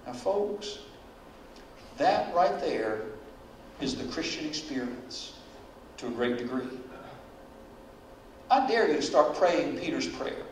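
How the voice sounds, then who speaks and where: A man preaching a sermon as pastor, dramatic and animated, acting out the words and prayers he quotes. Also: on the high side, slow pace, pauses often, a little hiss or hum. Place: church sanctuary. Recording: very echoey church hall, voice from far off.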